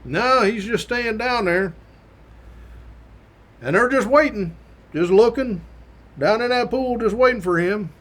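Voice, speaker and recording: A man's voice: sits high, unhurried, long pauses, a bit bright. A man hosting his own show, telling a story from his academy days in a casual, folksy way with mild swearing and acted-out quotes. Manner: acts out the quoted voices of others.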